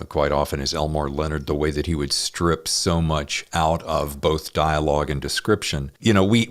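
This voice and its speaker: A man with a very low, deep voice hosts an interview show. He speaks in a measured, deliberate way and often pauses on fillers as he thinks. He sounds like an experienced audiobook narrator. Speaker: podcast host. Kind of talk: conversational interview.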